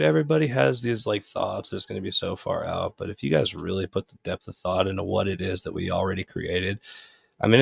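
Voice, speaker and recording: A man with a low, gravelly voice talking in a loose, excitable ramble, swearing freely as he hosts a live chat. The sound is dry and close, with no room around it. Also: no room sound. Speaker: host. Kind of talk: casual chat.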